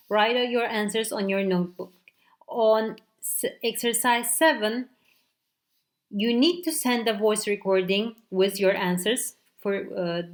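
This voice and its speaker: A woman teacher giving a recorded grammar lesson, explaining examples step by step and often checking with "okay". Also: mid-range voice. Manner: slow, deliberate explaining with frequent "okay" checks. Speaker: English teacher.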